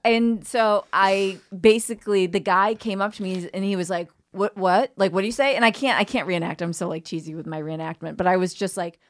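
A woman comedian telling a story on a podcast in a lively, profane way, acting out the people in it. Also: fairly low pitch, brisk, few pauses. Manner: animated storyteller who swears freely and acts out quoted people. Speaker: guest comedian.

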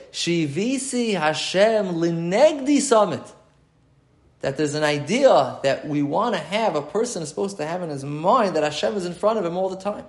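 Male Talmud teacher, slightly raised pitch, repeats himself while explaining, echoey room. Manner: explains texts aloud, reads Hebrew quotes then translates, repeats phrases. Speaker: Torah teacher. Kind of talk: Talmud lecture.

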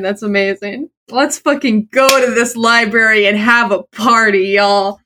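A woman player in a tabletop game, talking hesitantly with many fillers and turning excitable. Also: fairly high pitch, unhurried, hardly any pauses. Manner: hesitant, excitable, laughs often.

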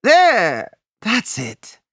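A woman narrator voicing a kindly male dentist who speaks soothingly in a lowered voice, in an audiobook. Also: drawn-out words, breathy edge, dry recording, studio quality, full character voice. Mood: gentle, reassuring. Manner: soothing, calm. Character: kindly middle-aged male dentist, gentle but hurried.

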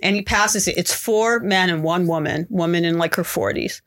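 A woman's voice: on the low side, normal speed, a bit bright, a little hiss or hum. Woman telling a story, acting out quotes. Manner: acts out quotes in raised voices. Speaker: podcast guest. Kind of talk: casual storytelling.

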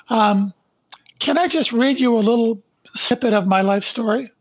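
An older man from Canada, a podcast guest who speaks slowly and deliberately, stressing his points and then reading his life story aloud. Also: extremely high pitch, no room sound, highs cut off. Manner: slow, deliberate and emphatic.

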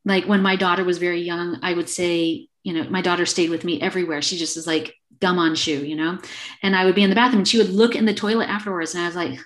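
A woman's voice: lowish voice, fairly even intonation, fast talker. A middle-aged woman speaking earnestly as an interview guest, often acting out little quoted exchanges in a casual way.

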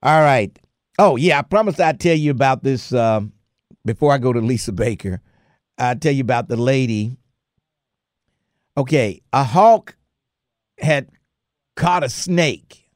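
A man hosting a talk radio show, telling stories in a lively, chatty way and laughing often. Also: medium pitch, a little slow, long pauses, no room sound, studio quality. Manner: animated storyteller, laughs often. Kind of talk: casual talk radio chat.

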